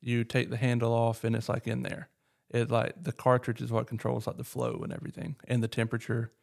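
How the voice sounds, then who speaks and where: A man, chatting on a podcast in a flat, deadpan tone that others hear as sarcastic. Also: medium pitch, brisk, vocal fry. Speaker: podcast co-host. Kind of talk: casual chat.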